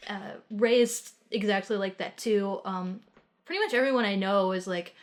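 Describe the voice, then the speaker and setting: A woman's voice: medium pitch, expressive. A woman from Texas co-hosting a film podcast, talking in casual, blunt review chat with frequent swearing and lots of "like"s. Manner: quick asides, many "like"s. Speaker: podcast co-host.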